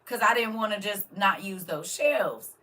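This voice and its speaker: An older grandmother chats on a live stream, talking right to her viewers. Her voice is bright and a little tense. She sits a bit back from the camera mic, so she sounds slightly distant. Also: medium pitch, expressive, unhurried. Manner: chatty, talks straight to viewers. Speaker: vlogger. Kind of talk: casual live stream chat.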